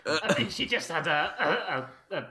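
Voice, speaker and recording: Playful, lively player at a tabletop game. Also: medium pitch, a little slow, slight background noise. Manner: playful, teasing. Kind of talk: casual tabletop game play.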